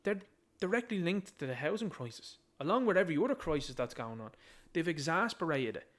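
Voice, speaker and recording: A man's voice: a little high, sing-song, brisk, a bit bright. An Irish man giving ranting political commentary, emphatic and combative, hammering his points with repetition. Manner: emphatic, combative, repeats key phrases.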